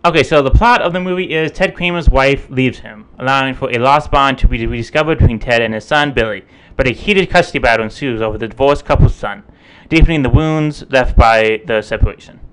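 A man's voice: medium pitch, a little fast, fairly bright tone, smooth. A man co-hosting a podcast, chatty and playful, often laughing. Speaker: podcast co-host. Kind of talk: casual chat.

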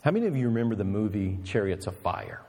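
A man's voice: fairly low pitch, lively intonation, quick pace, darkish tone, big-room sound. A male pastor preaching an emphatic, storytelling sermon with rhetorical questions.

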